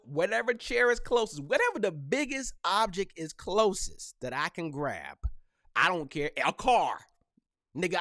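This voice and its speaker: A young man hosts a live podcast, talking fast in slang and riffing with quick laughs. His voice sits high and swings widely in pitch. The sound is dry and close, with no room around it. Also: a bit bright, no room sound. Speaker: podcast host.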